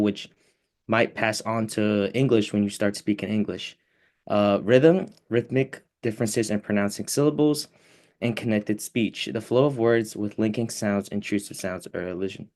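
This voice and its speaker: A man's voice: fairly low pitch, a little mellow. Young man presenting with many fillers. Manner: explains with frequent uh fillers. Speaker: student presenter. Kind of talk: reading a class presentation.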